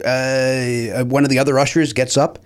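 A man's voice: mid-range voice, moderate pace. A middle-aged man, a podcast guest, telling a story in casual chat, laughing and acting out what people said. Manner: animated, laughing, acts out quoted lines.

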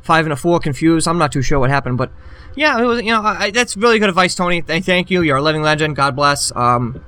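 A man's voice: on the high side, lively intonation, fast talker, bright, forceful tone. A man voicing an overexcited amateur ghost hunter who rambles and stumbles over his words. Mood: flustered. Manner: rambling, flustered, full of filler.

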